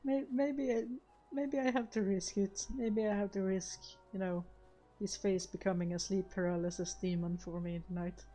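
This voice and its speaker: Brief: casual woman game streamer, mellow, hesitant, faint music. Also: mid-range voice, steady tone, moderate pace. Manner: chatty, self-deprecating, hesitant.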